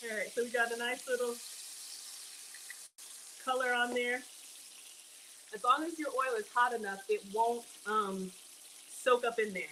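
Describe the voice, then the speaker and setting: Woman cooking at home on a livestream, kinda high bright voice, chatty with her viewers, faint noise behind. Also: low-quality recording. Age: young adult to middle-aged. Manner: chatty, addresses viewers as y'all, reads donations aloud. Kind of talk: casual cooking livestream chat. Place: home kitchen.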